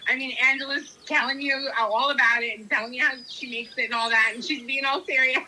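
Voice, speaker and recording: A woman's voice: high voice, fairly even intonation, brisk, bright, forceful tone, a little hiss or hum, rough recording. A woman co-hosting a casual podcast chat, playful and teasing. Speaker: podcast co-host.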